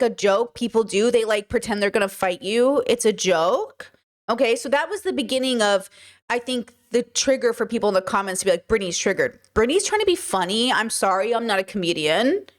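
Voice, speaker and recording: Fast-talking woman riffing to her chat. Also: fairly high pitch. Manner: fast, jokey, self-explaining asides. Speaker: video creator reacting to her own clip. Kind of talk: casual commentary to chat.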